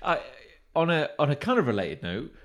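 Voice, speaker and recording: A man's voice: on the high side, a little fast, crowd noise. A man co-hosting a casual podcast, telling stories with animation and big laughs. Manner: animated storyteller, laughs loudly. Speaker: podcast co-host. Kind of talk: casual chat. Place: recording room.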